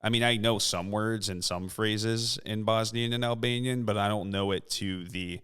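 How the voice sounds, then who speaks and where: Male podcast co-host in his twenties, reflective, low and clear. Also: fairly even intonation, normal speed, a bit bright. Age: 20s. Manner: earnest, reflective. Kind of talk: casual chat.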